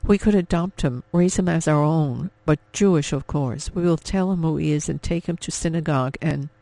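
A man's voice: fairly high pitch, moderate pace, darkish tone, no echo, lightly acted, low-quality recording. A man voicing a grieving young mother. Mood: pleading. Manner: pleading, emotional.

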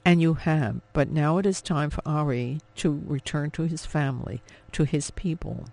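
A man reading an audiobook, voicing a gray-haired older official who speaks gently but firmly. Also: on the high side, vocal fry. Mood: grave. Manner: gentle, measured.

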